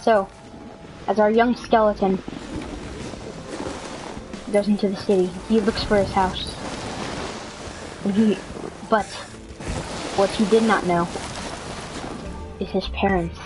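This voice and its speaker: Slow, deadpan woman narrator. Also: medium pitch, over music, low-quality recording. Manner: deadpan, absurd humor. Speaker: video creator. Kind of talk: mock nature documentary narration.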